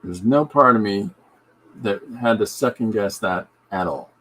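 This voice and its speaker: A man's voice: lowish voice, unhurried, a bit bright. A man hosting his own podcast, chatting casually and jokily while he draws a comic. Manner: rambling, jokey asides. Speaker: podcast host and comic artist. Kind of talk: casual chat while drawing.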